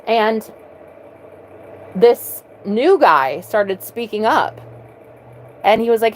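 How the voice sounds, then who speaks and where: A woman's voice: fairly high pitch, animated, very slow, pauses often, a little hiss or hum, poor audio. A woman vlogger telling a personal story earnestly, often repeating words as she restarts.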